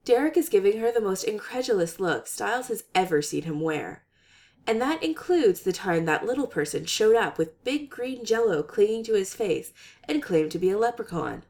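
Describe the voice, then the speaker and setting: A woman reading a comic story aloud with expressive, animated narration. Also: mid-range voice, moderate pace. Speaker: story reader. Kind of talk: reading fan fiction aloud.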